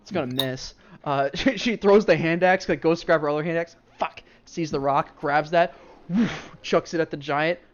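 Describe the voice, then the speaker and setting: Brief: man running a tabletop game, rambling narration, slightly high voice. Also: moderate pace, faint music behind. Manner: loose, filler-heavy narration. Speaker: game master. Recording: dull lo-fi stream audio.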